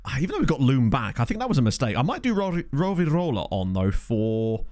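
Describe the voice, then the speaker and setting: A man giving chatty, excitable live commentary on a football management game he is playing. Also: medium pitch, fast talker. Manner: excitable, chatty, thinks aloud. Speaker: video game streamer.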